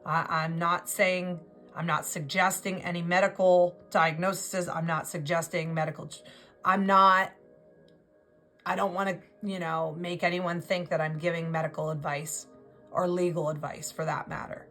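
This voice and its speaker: Woman, tarot reader, low-pitched voice, emotional rambling delivery, soft music behind. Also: level tone, a little slow. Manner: rambling and emotional, repeats and restarts words. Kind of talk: intuitive tarot reading monologue.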